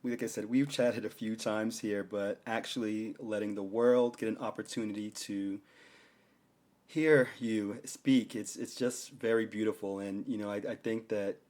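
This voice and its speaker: A man hosting a casual podcast interview, warmly affirming his guest and asking long, winding questions. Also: fairly low pitch, steady tone, moderate pace. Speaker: podcast host.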